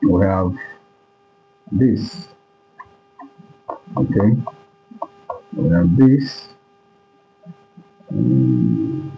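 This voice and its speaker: Low-voiced teacher checking understanding. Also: male voice, huge pitch swings, drawn-out words, creaky, long pauses, highs cut off, a little hiss or hum. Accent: Nigerian English. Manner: repetitive, keeps checking understanding. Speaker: English pronunciation teacher. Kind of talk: classroom lesson at a board.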